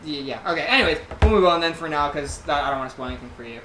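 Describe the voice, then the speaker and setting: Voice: medium pitch, expressive, racing. A podcast co-host in casual chat who swears freely and rambles with lots of fillers. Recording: roomy echo, faint noise.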